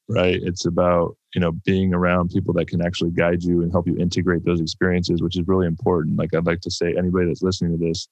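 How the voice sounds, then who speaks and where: A man hosting a conversation, talking calmly and reflectively with many "you know"s. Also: sits low, dry recording. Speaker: podcast host. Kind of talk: conversational interview.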